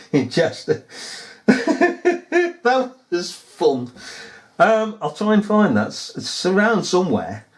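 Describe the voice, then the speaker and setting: Man, mocking, chuckling, rambling rant, slightly high pitch. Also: sing-song, measured pace.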